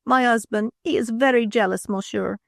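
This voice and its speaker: A woman doing a coquettish young wife, high and pleading. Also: normal speed, creaky, no room sound, clean studio sound. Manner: breathless, imploring, theatrical. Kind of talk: audiobook character voice.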